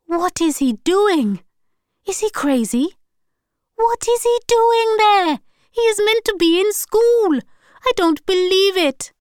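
A woman reading the part of an excitable wife with a raised, animated voice. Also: a little high, takes it slowly, dry recording, clean studio sound, voice pushed up. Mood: alarmed. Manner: animated, exclaiming. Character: lively wife, easygoing but excitable.

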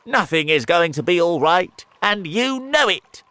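A man voicing a gloomy earthworm in a storybook reading, loud and despairing. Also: lowish voice, little pitch movement, slow, no echo, exaggerated voice.

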